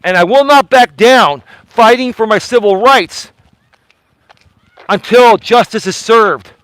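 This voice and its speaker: A man's voice: high-pitched, slow pace, a bit bright, no echo, low-quality recording. A man hosting a live walking vlog outdoors, speaking emphatically and repeating his points while holding his phone on a selfie stick. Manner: emphatic, repetitive, addressing someone directly. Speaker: vlogger host.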